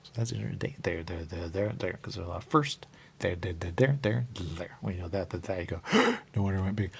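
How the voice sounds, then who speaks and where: Talking fast on his radio show, the host rambles on, circling back to the same catchphrases with sudden upward leaps in pitch. His voice is husky, with vocal fry.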